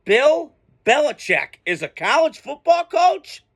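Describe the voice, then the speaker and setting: A man's voice: very high voice, sing-song, slow, a bit bright. A man ranting through a football reaction video in a blunt, profane, worked-up way, swearing freely at his team and its coach. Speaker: sports fan vlogger. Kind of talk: profane sports reaction rant.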